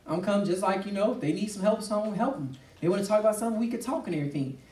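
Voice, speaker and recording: Fast-talking emphatic male preacher. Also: high voice, darkish tone. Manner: emphatic, acts out quoted voices. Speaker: pastor. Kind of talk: impassioned preaching in discussion. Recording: roomy, distant mic.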